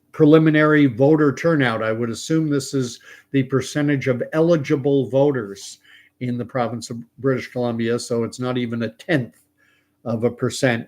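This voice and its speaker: Chatty man hosting a live stream. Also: medium pitch. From Canada. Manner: chatty, reads viewer comments aloud, thinks out loud. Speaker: livestream host. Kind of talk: casual live-stream commentary.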